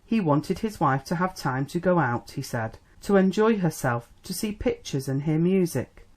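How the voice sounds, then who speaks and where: An audiobook narrator reading a period novel in a measured, even way. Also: mid-range voice.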